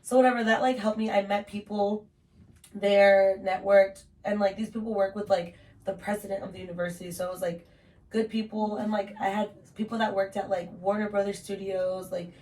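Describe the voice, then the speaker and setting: A woman's voice: mid-range voice, flat delivery, brisk, darkish tone. Chatty young woman, slightly distant mic. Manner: chatty, heavy use of "like", swears casually. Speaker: podcast host telling her story. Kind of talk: casual podcast chat.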